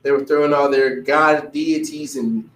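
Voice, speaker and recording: A man giving a casual religious teaching, animated and often mimicking other people's voices. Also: on the high side, unhurried, a little hiss or hum. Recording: echoey room, distant mic.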